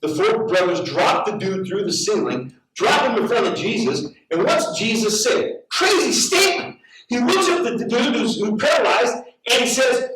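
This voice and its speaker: A middle-aged male pastor telling a story in a sermon, animated and prone to repeating words as he acts out the people in it. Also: high-pitched, moderate pace, distant mic. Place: large church hall. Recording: very echoey hall, heard from afar.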